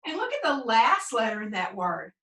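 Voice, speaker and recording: A woman teaching first grade phonics, prompting young pupils and slowly sounding out words in a sing-song way. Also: fairly high pitch, sing-song, a bit bright. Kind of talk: remote phonics lesson for young children. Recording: echoey room, mic at a distance.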